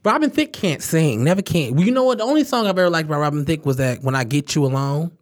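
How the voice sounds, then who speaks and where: A man's voice: on the high side, fast talker. A man with a Detroit accent, co-hosting a casual chat, joking and slipping into impressions. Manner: animated, joking, breaks into impressions and singing. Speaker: co-host.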